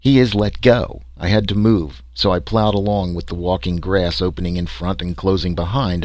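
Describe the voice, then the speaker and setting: A man's voice: low voice, no echo. A man voicing a wry, sarcastic explorer recounting his trek. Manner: sarcastic, dry storytelling.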